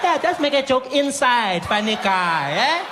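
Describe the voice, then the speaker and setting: A comedian voicing a loud, mocking female hospital clerk, tagging sentences with "eh?". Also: extremely high pitch, big pitch swings, noisy background, pitched above the performer's own voice, heavily acted. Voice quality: loud, taunting, drawn-out "eh?" tags. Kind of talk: stand-up comedy impression.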